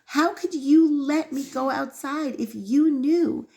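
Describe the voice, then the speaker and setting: An indignant little boy fires accusing questions at his father, as a woman puts him on. The voice rides high and loud, with a gravelly rasp underneath. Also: takes it slowly, heavily acted.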